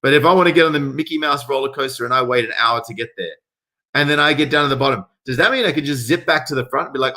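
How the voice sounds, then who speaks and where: A man reading viewer stories aloud and reacting with casual, profane rants that swing between calm reading and loud outbursts. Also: mid-range voice, very fast. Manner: swearing, rants loudly in bursts. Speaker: commentary host reading stories.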